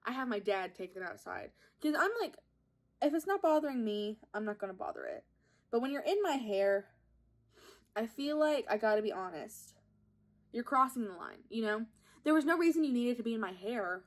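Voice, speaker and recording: With a highish voice, big pitch swings, and a moderate pace, a young woman podcast host films a casual makeup vlog on a propped-up phone at home. She's chatty and giggly, telling self-mocking stories.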